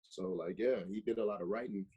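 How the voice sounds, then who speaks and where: A laid-back man from Chicago speaks as an interview guest. His voice is husky and a little low. His talk is loose and full of "you know" and "like". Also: a little fast, dark tone, muffled recording. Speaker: interview guest, designer and podcaster. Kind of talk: casual interview chat.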